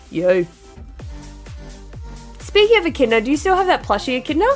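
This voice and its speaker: A woman's voice: high-pitched, very animated, moderate pace, pauses often, faint music behind. A woman streamer joking and chatting casually with her viewers. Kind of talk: casual live-stream chat.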